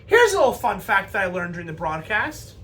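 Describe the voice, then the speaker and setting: A woman's voice: mid-range voice, sing-song, brisk, fairly bright tone. Fired-up woman ranting at her hockey team. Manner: impassioned, scolding, with profanity. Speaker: podcast host. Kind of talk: post-game fan rant.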